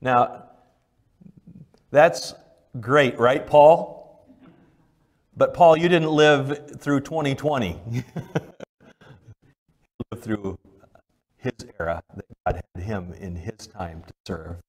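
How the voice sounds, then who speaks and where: A pastor preaching a sermon at a church service, swinging between loud, emphatic lines and quiet, low ones, and putting direct questions to the congregation. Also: male voice, takes it slowly, pauses often.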